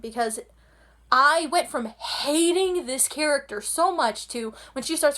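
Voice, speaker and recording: Excitable, slightly high-voiced woman gushing. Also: normal speed. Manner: gushing, rambling with restarts. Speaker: anime vlogger. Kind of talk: casual rant.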